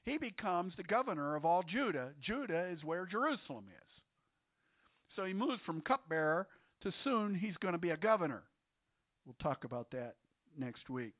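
A man with a fairly high voice preaches a sermon in a loose, chatty way, quizzing his listeners as he goes. The recording sounds dull and lo-fi, dry with no room echo. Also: sing-song, moderate pace. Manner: conversational, quizzes the congregation with questions. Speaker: pastor.

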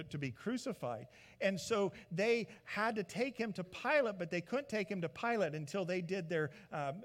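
A man preaching a sermon as a pastor, retelling the story in a lively way and acting out the people in it. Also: sits high. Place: church sanctuary. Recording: long church reverb.

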